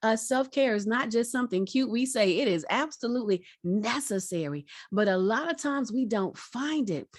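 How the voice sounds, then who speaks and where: A middle-aged woman from Virginia, giving a lively, preacherly motivational talk over a video call and speaking straight to her audience. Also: a little high, moderate pace, few pauses, no room sound, clean studio sound. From Virginia, United States. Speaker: guest speaker.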